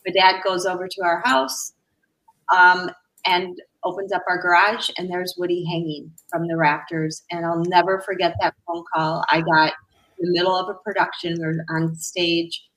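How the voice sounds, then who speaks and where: Woman, middle-aged, slightly low pitch, halting speech, fillers and restarts, radio interview guest. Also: flat delivery, fairly bright tone, low-quality recording. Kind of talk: personal account in a radio interview.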